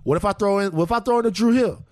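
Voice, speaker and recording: A man co-hosting a podcast in casual chat, animated and laughing as he riffs with rhetorical questions. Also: high-pitched, very fast, dry recording, studio quality. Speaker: podcast co-host.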